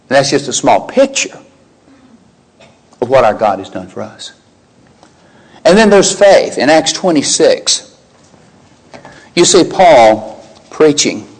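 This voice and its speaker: A man, older, preaching a sermon, animated, rising sharply in pitch when quoting and exclaiming. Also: slow, long pauses, husky, poor audio.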